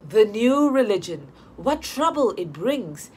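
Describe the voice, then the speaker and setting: A woman's voice: mid-range voice, animated, a little slow, slight background noise, close to an everyday voice. A woman reading an audiobook, voicing a gossiping neighbor woman who disapproves of new ways.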